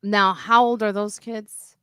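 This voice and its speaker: A woman's voice: medium pitch, steady tone, takes it slowly, sharp tone, smooth, dry recording, clean studio sound. A woman hosting a casual podcast chat, direct and opinionated. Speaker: podcast host.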